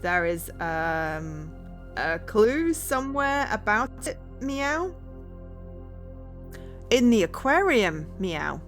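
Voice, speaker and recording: A woman streaming a puzzle game, tacking a meow onto nearly every phrase as a dare while she thinks aloud with many pauses, sounding tired late at night. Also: fairly low pitch, big pitch swings, soft background music. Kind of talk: casual charity stream commentary.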